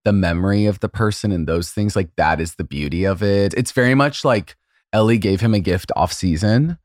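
Deep-voiced man gushing in casual chat. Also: moderate pace, no room sound, clean studio sound. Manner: emotional, gushing storyteller with many fillers. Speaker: podcast co-host.

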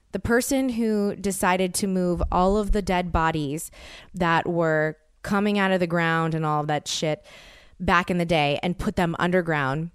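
A woman's voice: medium pitch, smooth, dry recording, clean studio sound. An American woman in her thirties, a podcast host telling a story in a rambling, casual way, full of "like" and stammered restarts. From United States. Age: 30s.

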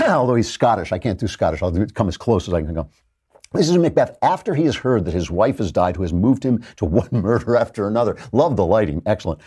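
A man hosts a show and delivers emphatic, animated lecture-style commentary. His husky, dark-toned voice sits low, and his pitch swings widely as he stresses his points. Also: fairly quick. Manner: emphatic and animated, with frequent restarts.

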